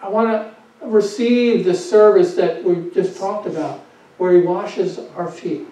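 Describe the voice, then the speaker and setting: A man's voice: high-pitched, a little slow, dark tone. A male pastor preaching a sermon with emphasis, asking rhetorical questions and repeating his phrases. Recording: echoey, dull sound from a distant mic.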